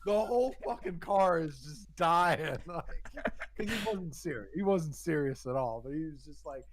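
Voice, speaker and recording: A man's voice: a little high, animated, moderate pace, crowd noise. A man casually telling a crude, rambling story on a podcast, swearing often and restarting his sentences. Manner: rambling, profane, frequent restarts and fillers. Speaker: podcast co-host.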